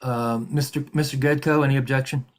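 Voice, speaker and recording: A man serving as hearing examiner, running a formal remote hearing in a measured, halting way with frequent fillers. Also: medium pitch, steady tone.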